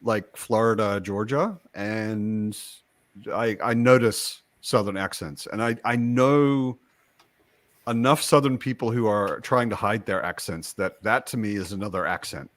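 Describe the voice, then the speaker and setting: A man's voice: on the low side, unhurried, a bit bright, no room sound. A man from the United States hosting a casual chat, talking in a wry, rambling way with asides. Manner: chatty, wry, trails off into asides. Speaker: podcast host.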